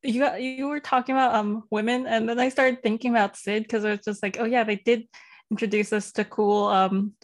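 A podcast co-host with a somewhat high voice. She chats casually, wanders between thoughts and laughs often. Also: steady tone, brisk. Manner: giggly, rambling. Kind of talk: casual chat.

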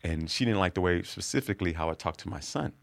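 A middle-aged man, a comedian, telling a profane story with loud bursts of laughter on a podcast. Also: sits low, lively intonation, fast, vocal fry, no echo. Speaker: comedian guest.

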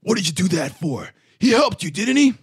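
A man's voice: sits high, big pitch swings, fairly quick, fairly bright tone, slightly rough, dry recording, clean studio sound, pitched above the performer's own voice, full character voice. A man voicing an upset young male hotel clerk who protests in a tabletop game. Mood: indignant.

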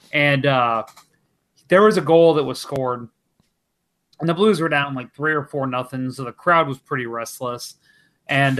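A man's voice: medium pitch, fairly bright tone. A man co-hosting a hockey podcast in casual chat, telling stories and laughing often. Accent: St. Louis. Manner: chatty storyteller, laughs often. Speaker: podcast co-host.

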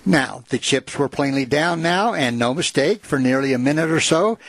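A man's voice: on the high side, lively intonation, normal speed, vocal fry, fairly bright tone, no room sound. A man retelling a written history aloud to a listener, reading passages and adding casual asides with fillers. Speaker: storyteller.

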